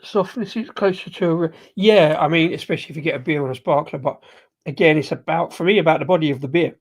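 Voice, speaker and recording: Husky man rambling through a beer tasting. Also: on the high side, fast talker. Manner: rambling, hesitant, full of ums and self-corrections; sipping and tasting beer while talking. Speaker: beer reviewer hosting his channel. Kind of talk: casual live beer tasting review.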